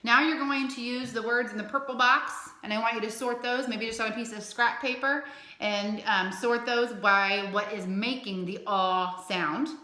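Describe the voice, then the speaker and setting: A woman teaching a recorded phonics lesson to young children, slowly sounding out each word in an encouraging teacher's tone. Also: fairly high pitch, steady tone, pushed and bright. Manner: slow, clearly sounded-out words with an encouraging teacher's tone. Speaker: elementary school teacher. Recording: echoey room.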